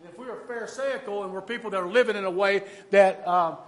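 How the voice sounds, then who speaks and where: A man preaches a sermon with earnest emphasis. His voice is high for a man, and he often backs up and restarts a phrase while driving a point home. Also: fast, slight background noise. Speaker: pastor.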